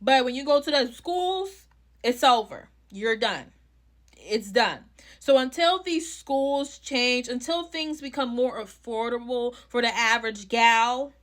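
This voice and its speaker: A young woman with a New York accent rants into her phone in a blunt, heated vlog, with plenty of swearing. Her voice sits fairly high, and she takes her time, dragging out words for emphasis. It has the close, casual sound of someone talking straight to her phone camera. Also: a bit bright. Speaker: clown content creator.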